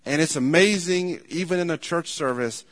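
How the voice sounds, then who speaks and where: A man's voice: fairly high pitch, moderate pace, fairly bright tone. Preacher man in a reverberant hall. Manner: storytelling with acted quotes, repeats words. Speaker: pastor. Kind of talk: sermon.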